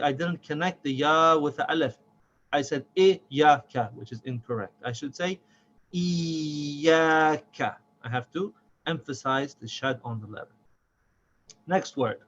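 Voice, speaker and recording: A man with a slightly high voice teaches a reading lesson, patiently drawing out and repeating each syllable. The recording sounds dull and lo-fi. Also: normal speed, fairly bright tone.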